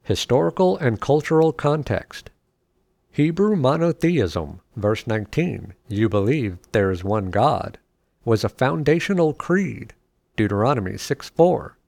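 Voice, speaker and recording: A man reading scripture aloud and explaining it in a measured, scripted teaching style. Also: mid-range voice, expressive, gravelly, a little mellow, no room sound. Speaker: Bible teacher. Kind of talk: scripted Bible study narration.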